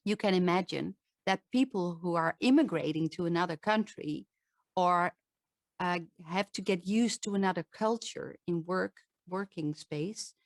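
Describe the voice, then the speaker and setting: A woman with a Dutch accent, a voice coach giving a lively presentation and often correcting herself mid-sentence. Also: mid-range voice, dry recording. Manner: lively, animated, with restarts and self-corrections. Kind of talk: presentation talk to an audience.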